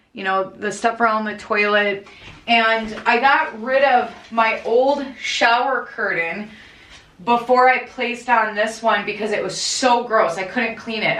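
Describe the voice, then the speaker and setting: A woman's voice: a little high, a bit bright. A woman with a Minnesota accent, thinking aloud as she cleans her bathroom for her vlog. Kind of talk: casual commentary while cleaning. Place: small bathroom indoors. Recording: echoey room, mic at a distance.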